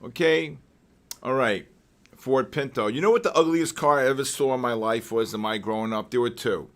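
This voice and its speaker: An older man hosting a live market trading session, mixing chart talk with joking stories and loud exclamations. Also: medium pitch, normal speed. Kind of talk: live trading commentary and casual chat.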